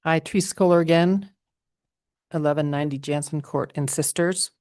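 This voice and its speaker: A woman giving a measured, formal public comment at a meeting, speaking precisely. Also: low-pitched, fairly even intonation, a little mellow.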